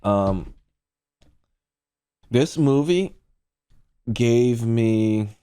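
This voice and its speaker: A man's voice: medium pitch, animated, drawn-out words, warm tone, clear, resonant tone. A man streaming casual movie reviews, rambling and profane as he talks to his chat.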